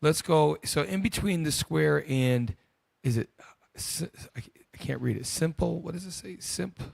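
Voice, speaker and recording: A man's voice: a little high, unhurried, vocal fry, a little mellow, no room sound. A man hosting a group discussion, commenting bluntly and casually on news clips. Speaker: host.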